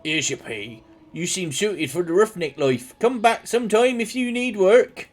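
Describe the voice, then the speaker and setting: A man voicing a gruff male mercenary quest-giver in a put-on Scottish accent. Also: sits high, lively intonation, unhurried, voice pushed up.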